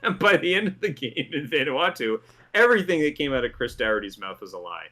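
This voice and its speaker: A man's voice: mid-range voice, very animated, quick pace, sharp tone. A man hosting a commentary show, reading a script in an amused tone and laughing through his lines. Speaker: host.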